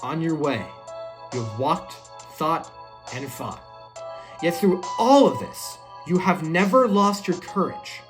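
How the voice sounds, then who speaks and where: A woman's voice: sits low, animated, takes it slowly, faint music behind. A woman playing through a video game, reading the text aloud and reacting. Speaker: game streamer.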